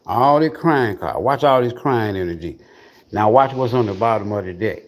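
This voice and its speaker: A man's voice: on the low side, animated, normal speed, slight background noise. A man giving a casual livestream tarot reading in a blunt, profane, mocking way. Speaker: tarot reader.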